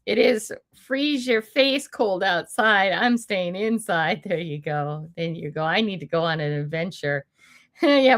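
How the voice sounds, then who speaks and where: A medium-pitched, fairly bright voice belongs to an older woman from the US hosting a livestream at home. Her indoor live chat with viewers is casual and rambling, with plenty of laughter and answers to comments.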